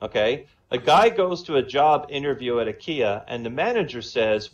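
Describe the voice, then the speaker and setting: A man's voice: mid-range voice, animated, moderate pace, dull audio. A man telling a string of jokes in casual style, chatty and laughing at his own punchlines. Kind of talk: casual joke-telling on a voice chat. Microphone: online voice chat.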